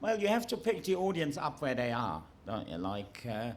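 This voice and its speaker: A man's voice: medium pitch, sing-song, normal speed, slight background noise. A man, a comedian on a panel, speaking dryly and laughing between remarks. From Germany. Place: festival venue before an audience.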